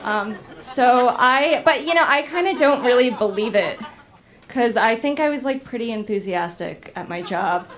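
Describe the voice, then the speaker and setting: A young adult woman performing a stand-up comedy set in a deadpan, hesitant way, with frequent ums. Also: fairly high pitch, normal speed. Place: comedy club stage with audience.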